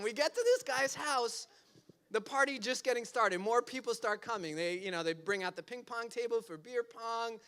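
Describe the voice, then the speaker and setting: A man pastor telling a personal story in a sermon, animated and full of "like" fillers. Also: extremely high pitch, moderate pace, clean tone.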